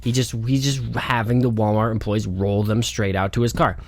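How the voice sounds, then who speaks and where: A man's voice: lowish voice, steady tone, moderate pace, no echo. A man co-hosting a casual comedy podcast, rambling through a swearing, absurd story. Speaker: podcast co-host.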